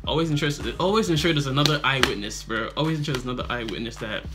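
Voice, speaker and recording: A man's voice: medium pitch, rapid-fire, noisy background. A man hosting a reaction video, chatting casually and handing out advice with lots of repetition and slang. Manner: relaxed, repeats himself, loose slang. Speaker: video reactor and channel host.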